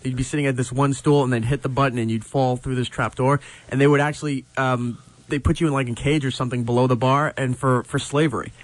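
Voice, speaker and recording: A man's voice: mid-range voice, fairly even intonation, fast talker, no echo. A man chatting as a studio guest, telling stories in an easygoing way. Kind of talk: casual radio banter.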